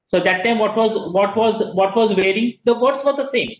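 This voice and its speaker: High-voiced Indian English lecturer, echoey classroom. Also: male voice, moderate pace, few pauses. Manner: explains with many repeated words and frequent "okay"s. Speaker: teacher.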